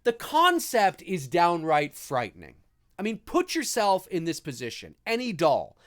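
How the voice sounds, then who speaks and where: A man hosting a live movie commentary, talking in an animated, enthusiastic and rambling way. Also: sits high, unhurried. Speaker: host.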